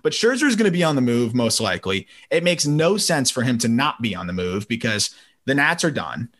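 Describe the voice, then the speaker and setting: A man hosting a casual sports podcast from home, chatty and quick to laugh, with frequent restarts. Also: mid-range voice, sing-song, fairly bright tone. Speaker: podcast host. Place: home during a summer thunderstorm.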